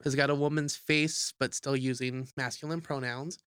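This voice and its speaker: A young adult podcast co-host recapping a horror movie in casual, profane, jokey talk, acting out the characters in quick asides. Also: medium pitch, clear, resonant tone, no echo, studio quality. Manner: animated, profane, jokey storytelling.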